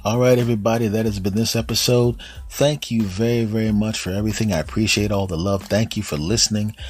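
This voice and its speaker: A man's voice: lowish voice, steady tone, fast, darkish tone, soft background music. A man hosting a comedy podcast, delivering a teasing, sarcastic monologue straight to his listeners. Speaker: podcast host. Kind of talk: comic monologue.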